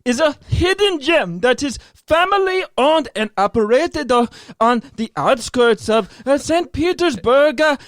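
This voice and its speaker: A man reading an ad in an exaggerated put-on Italian accent, halting with many fillers. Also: very high-pitched, expressive, a bit bright, no room sound, studio quality, pitched above the performer's own voice, full character voice. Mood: hammy. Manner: hesitant, many "uh" fillers, hand-gesturing. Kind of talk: comic ad read.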